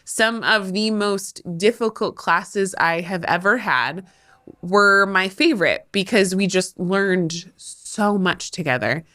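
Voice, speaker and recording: A woman's voice: mid-range voice, takes it slowly, pushed and bright, no echo, studio quality. A woman hosting a podcast, a former teacher talking candidly and heartfelt, often laughing at herself. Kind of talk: candid monologue.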